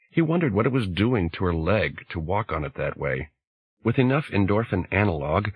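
A man narrates an audiobook in a measured, deliberate way with a very deep, husky voice. The recording is dry and close, with no room sound. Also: no echo.

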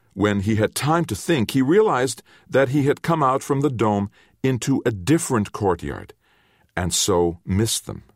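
A man narrates a novel aloud in a very low voice, reading at an unhurried pace. His intonation rises and falls with animation, in a measured storytelling manner. The recording is dry and close. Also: no room sound. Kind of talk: audiobook narration.

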